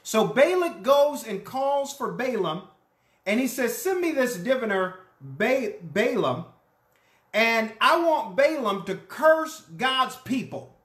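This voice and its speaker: A pastor preaching a sermon, telling a story in an animated way and acting out the characters' lines. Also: mid-range voice, reverberant. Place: church.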